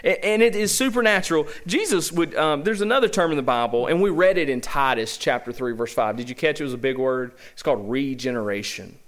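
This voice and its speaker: A man's voice: medium pitch, quick pace, few pauses, fairly bright tone. A man preaching a sermon to his church as senior pastor, with a Southern American accent and an emphatic style built on rhetorical questions. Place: church sanctuary.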